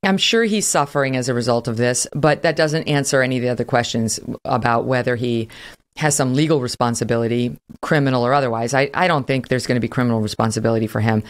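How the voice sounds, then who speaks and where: A middle-aged woman hosting a talk show, giving opinionated, conversational commentary with frequent fillers. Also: rumbling low. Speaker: podcast host.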